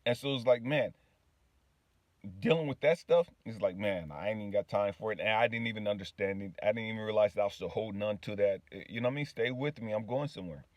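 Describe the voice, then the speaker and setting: A man's voice: fairly low pitch, fast, dry recording. A man telling a personal story in a casual spiritual vlog, often checking in with the listener and laughing easily. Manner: casual, often asks "you know what I mean", laughs easily. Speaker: spiritual healing vlogger.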